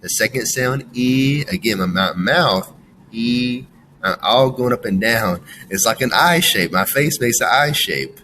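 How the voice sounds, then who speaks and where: A man's voice: medium pitch, animated, pushed and bright, a little hiss or hum, poor audio. A man teaching a phonics lesson to children, sounding out letters one by one and walking the class through each word. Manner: slow, sounding out letters and praising.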